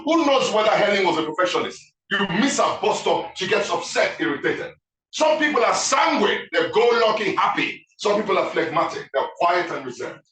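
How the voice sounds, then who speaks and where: Male guest speaker, bright and lively, keeps quizzing the crowd, heard from afar in an echoey room. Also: high-pitched, recorded from a distance. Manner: animated, keeps asking the audience questions. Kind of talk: interactive talk to a live audience.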